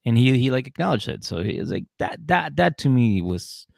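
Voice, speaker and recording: Male co-host, gravelly and dry, loose rambling recap. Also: medium pitch, big pitch swings, a little fast, a little mellow, no echo. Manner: rambling, repeats words, acts out scenes. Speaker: podcast co-host. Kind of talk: casual chat recapping a reality show.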